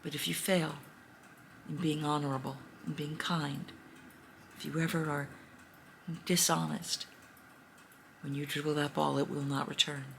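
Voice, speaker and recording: A woman voicing a kind, wise fairy in a told fairy tale, speaking in a gentle, earnest way. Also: low-pitched, flat delivery, unhurried, creaky, long pauses, slight background noise, exaggerated voice. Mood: tender.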